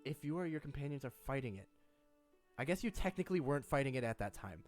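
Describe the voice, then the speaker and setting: A man in the game master's seat, describing scenes in an easygoing, meandering way with plenty of "um" and "you know". His voice sits at an ordinary middle pitch, and soft music plays faintly underneath. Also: fast. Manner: relaxed, rambling, lots of fillers and laughs. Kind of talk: narrating a tabletop game.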